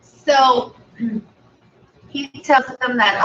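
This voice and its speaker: A woman's voice: on the high side, slow pace, long pauses, bright, forceful tone. A woman hosting a food video, casually retelling a film story in a chatty, rambling way. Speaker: mukbang channel host. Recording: echoey room, slightly dull, from a distance.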